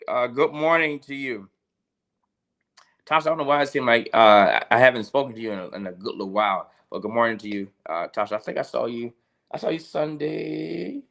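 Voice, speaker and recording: A male pastor speaks at an everyday pitch, leading a relaxed livestream devotional. He keeps a chatty, conversational tone and breaks off to greet viewers by name. He repeats his key lines slowly for emphasis. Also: creaky. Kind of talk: casual livestream devotional sermon.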